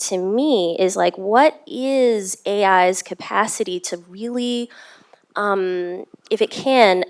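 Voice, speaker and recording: A woman's voice: medium pitch, clean tone. A woman neuroscientist speaking on a panel in a conversational, reflective way. She often checks in with "right?". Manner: conversational, ends points with "right?". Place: panel event in a university learning theater.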